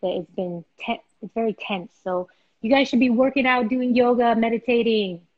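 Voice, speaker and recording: A woman's voice: a little high, normal speed. A young woman hosts a casual live chat. She tells her stories animatedly and acts out the voices of the people in them. Her voice sounds somewhat dull and lo-fi over the stream connection. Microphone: video call.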